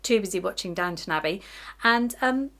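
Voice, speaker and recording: A woman's voice: medium pitch, animated, normal speed, fairly bright tone. A middle-aged woman chatting casually to camera about her sewing week, chatty and self-deprecating, often giggling. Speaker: sewing vlogger.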